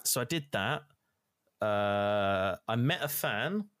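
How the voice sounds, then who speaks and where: Young guy, low voice, dry sound, rambly casual gamer chat with swearing. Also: expressive, slow, fairly bright tone, dry recording. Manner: rambling, filler-heavy storytelling, swears casually. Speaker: gamer recapping play.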